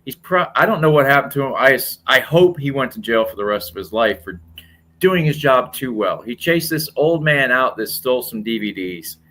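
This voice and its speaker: A man's voice: medium pitch, lively intonation, moderate pace, a bit bright. A man on a podcast telling crude stories, swearing heavily in casual chat.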